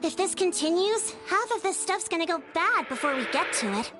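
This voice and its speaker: An actress playing a flustered young woman organizing a village feast in a video game, talking in a chatty, animated way. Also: very high voice, fairly quick, over music.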